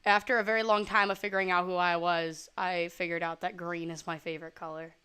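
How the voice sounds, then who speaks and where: A young adult woman streaming from her computer, chatting casually, swearing freely and jumping between loud outbursts and low mumbles. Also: little pitch movement, brisk, smooth. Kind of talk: casual rambling stream chat. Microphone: desk mic at a computer.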